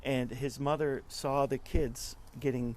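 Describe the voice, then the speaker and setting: A man's voice: mid-range voice, fairly even intonation, a little slow, a little mellow. Earnest man retelling a story. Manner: earnest, repeats words while telling stories. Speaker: interview guest. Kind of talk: conversational storytelling.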